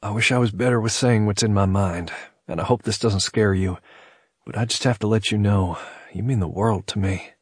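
A man voicing a tender young man in love in an audiobook romance, soft, intimate and a little hushed. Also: fairly low pitch, normal speed, slightly rough, no echo, clean studio sound.

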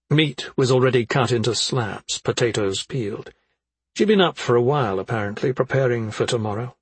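A man narrating a fantasy audiobook in a steady, even storytelling manner. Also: medium pitch, breathy edge, no echo. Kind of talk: scripted narration.

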